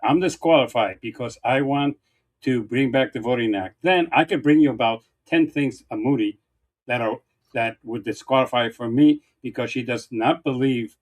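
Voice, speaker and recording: A man co-hosting a talk show, arguing heatedly and counting off his points one by one, often repeating himself for emphasis. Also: mid-range voice. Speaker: political show co-host. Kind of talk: heated political debate.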